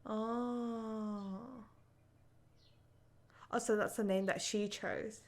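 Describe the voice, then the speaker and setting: Emotional young woman reacting with slow, heartfelt talk. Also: medium pitch, fairly even intonation. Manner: emotional, swearing, frequent "like" fillers. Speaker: anime reaction host. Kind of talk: casual live reaction commentary.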